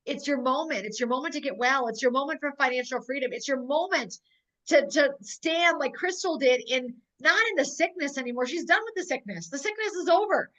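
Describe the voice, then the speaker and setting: A woman's voice: sits high, animated, brisk, fairly bright tone, low-quality recording. A woman from North Dakota hosting a sales call, speaking in a fervent, repetitive rallying way while close to tears. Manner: emotional, on the verge of tears. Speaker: host of a sales webinar. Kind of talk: emotional motivational pitch.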